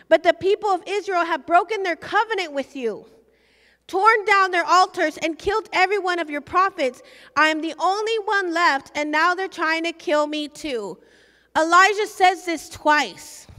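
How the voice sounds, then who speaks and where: A woman's voice: very high-pitched, bright, forceful tone. A woman preaching a sermon with passion, acting out prayers and scripture quotes. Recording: long hall reverb.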